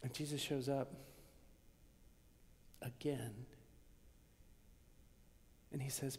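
A man preaching a sermon, swinging from loud, emphatic lines down to hushed whispers. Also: medium pitch, steady tone, drawn-out words, pauses often, long reverb tail. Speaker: pastor.

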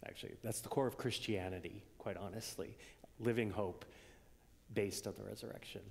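A man preaching a sermon in a conversational way, moving between loud emphasis and hushed near-whispers. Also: lowish voice, fairly even intonation, moderate pace, vocal fry. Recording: long reverb of a church hall.

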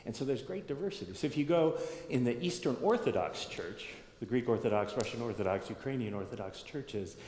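A male pastor teaches in a relaxed, conversational way, often restarting his phrases and turning to the congregation with questions. His voice sits at an ordinary pitch and rings through a church sanctuary with a long, echoing tail. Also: brisk, hardly any pauses, slight background noise. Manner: conversational, thinking aloud with restarts and asides to the congregation. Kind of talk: sermon teaching. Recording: echoey hall with long reverb.

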